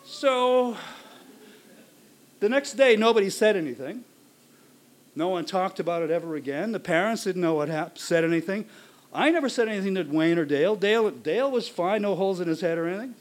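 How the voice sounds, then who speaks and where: Brief: high-pitched male storyteller, lively live delivery with acted-out yelps and voices. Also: brisk. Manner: animated, acts out shouts and voices.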